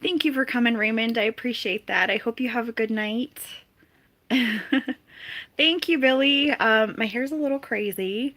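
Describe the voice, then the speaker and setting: A woman's voice: on the high side, a little slow, fairly bright tone. A woman hosting a casual live stream, chatting and laughing often as she reads and answers viewers' comments. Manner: giggly, laughs often between greetings. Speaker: livestream host.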